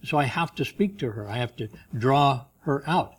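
A man preaching a sermon in a conversational way, moving between loud, emphatic reading and quiet asides. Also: medium pitch, lively intonation, normal speed. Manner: reads scripture and commentaries aloud with rising emphasis. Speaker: pastor.

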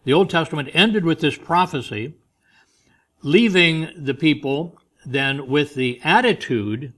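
A man's voice: a little high, unhurried, a bit bright. Man teaching scripture in a chatty way. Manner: conversational, chuckling asides between scripture readings. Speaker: Bible teacher. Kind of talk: informal Bible study sermon.

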